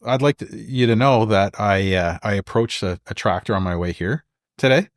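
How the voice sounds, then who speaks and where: A man's voice: fairly low pitch, a little fast, no echo, studio quality. A Canadian man co-hosting a podcast who chats in an easygoing way and often murmurs agreement. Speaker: podcast co-host. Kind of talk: casual chat. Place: local museum.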